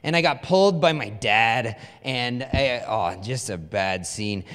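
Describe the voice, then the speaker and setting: In a church hall with long reverb, a pastor preaches a casual sermon, telling stories in a chatty, self-deprecating manner. His mid-range voice is expressive, fairly bright and a little slow.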